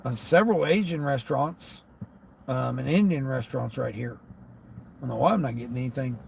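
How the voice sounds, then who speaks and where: A man who drives for delivery apps, talking casually to his viewers from his car and grumbling as he thinks out loud about the orders he gets. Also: mid-range voice, moderate pace, creaky, a little hiss or hum. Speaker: gig delivery driver vlogger. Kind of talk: casual talk while driving. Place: inside a car.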